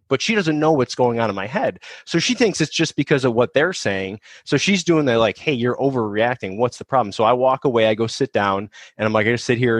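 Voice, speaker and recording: A man's voice: mid-range voice, dry recording. A man co-hosting a podcast, telling a story in a casual, blunt way, swearing freely and often restarting his sentences. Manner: blunt and profane, with frequent restarts. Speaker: podcast co-host, Marine veteran.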